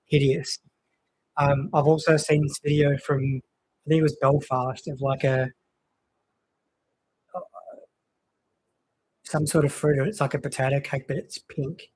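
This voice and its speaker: A man's voice: fairly high pitch, flat delivery, a little slow, long pauses, a little mellow, slightly rough, low-quality recording. A young man chatting casually on a stream, rambling with lots of fillers. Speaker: co-host of a cricket watchalong stream. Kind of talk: casual chat.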